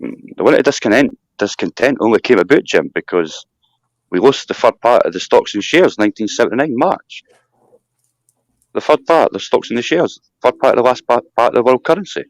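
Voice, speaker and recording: Scottish male host, rambling and animated, pitch jumps all over, dry close sound. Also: brisk, no room sound. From Scotland. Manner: animated rambling rant with mocking asides. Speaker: live stream host. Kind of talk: casual chat.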